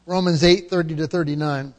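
Male pastor, high-pitched, emphatic expository preacher who repeats phrases; long hall reverb. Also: steady tone, fairly quick, a little mellow. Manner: emphatic, repeats key phrases, frequent restarts. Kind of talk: expository sermon.

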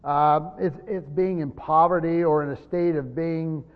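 A fairly high-voiced man teaches scripture, talking it through conversationally and restarting phrases as he explains. The recording is dull and lo-fi, with a long reverb trailing his voice. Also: steady tone, unhurried. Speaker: Bible teacher. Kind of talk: Bible study teaching.

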